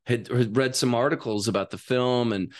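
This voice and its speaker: A man's voice: mid-range voice, normal speed. A middle-aged man, a guest actor telling stories in casual chat and acting out the voices. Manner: animated, acts out voices in his stories. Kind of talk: casual storytelling.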